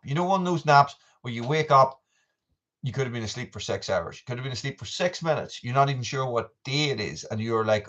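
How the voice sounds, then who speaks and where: A man's voice: mid-range voice, lively intonation, a little fast, muffled recording. A man, chatting casually and rambling on a live stream, full of asides and restarts. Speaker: vlogger doing a live chat.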